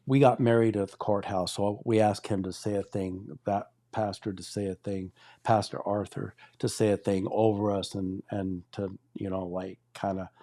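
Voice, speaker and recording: Low, mellow-voiced man in his sixties. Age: 60s. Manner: rambling storyteller who acts out quoted dialogue. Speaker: guest sharing his testimony. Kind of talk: casual spoken testimony.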